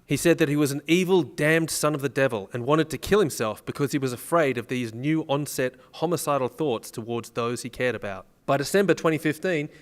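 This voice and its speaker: A man co-hosting a comedy podcast, joking crudely and reading a news story aloud in casual banter. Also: mid-range voice. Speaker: podcast co-host.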